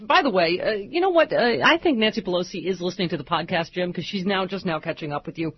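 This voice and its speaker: A woman's voice: lowish voice, animated, fast, husky, lo-fi sound. A woman hosting a political talk radio show, reading news items aloud with wry sarcasm.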